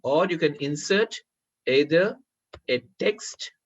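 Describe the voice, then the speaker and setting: Man, workshop trainer, walking through a presentation program on screen, somewhat high voice, husky, muffled lo-fi sound. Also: animated, takes it slowly. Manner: addresses listeners as friends, checks if they can see. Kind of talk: live software tutorial. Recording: muffled lo-fi recording.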